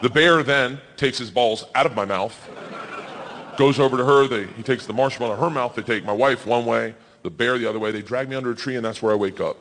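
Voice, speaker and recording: A man in his forties doing stand-up storytelling, loud and animated, yelling the quoted lines. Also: medium pitch, quick pace, big-room sound, a little hiss or hum. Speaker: stand-up comedian. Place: comedy stage.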